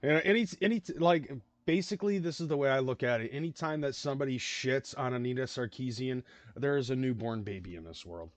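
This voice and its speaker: A man hosting a live reaction stream, talking in a loose, rambling way. He swears freely and stumbles through fillers and restarts. His voice is at an ordinary pitch, and the sound is dry and close. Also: animated, a little fast, dry recording. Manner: rambling, profane, many fillers. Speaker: livestream host. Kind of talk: casual reaction commentary.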